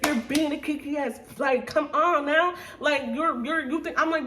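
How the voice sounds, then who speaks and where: A young woman with a high voice tells a storytime to her viewers, blunt and animated, swearing freely. A faint hum sits behind her. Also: normal speed. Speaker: storytime vlogger.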